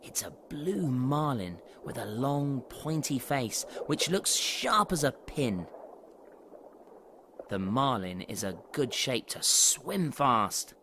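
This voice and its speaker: Slow, lively man narrating for children. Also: mid-range voice, background noise. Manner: warm, questioning, storybook tone.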